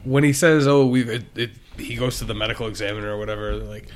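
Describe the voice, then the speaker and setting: A man guest on a podcast, chatting animatedly about a horror film with halting restarts. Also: mid-range voice, sing-song. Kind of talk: casual film chat.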